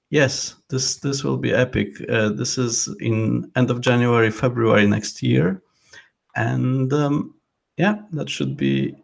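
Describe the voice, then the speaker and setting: A man's voice: mid-range voice, vocal fry. A man talking as a podcast guest in casual chat, hesitant and full of fillers. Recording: lo-fi audio.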